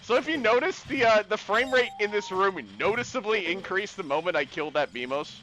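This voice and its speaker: A man's voice: sits high, expressive, a little fast, bright, forceful tone, a little hiss or hum, poor audio. A man commentating his own speedrun live, joking and laughing often.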